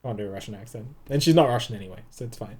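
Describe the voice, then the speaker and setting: A man's voice: on the low side, very fast, slight background noise. Casual man commenting on a game. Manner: casual, rambling and self-deprecating. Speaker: streamer.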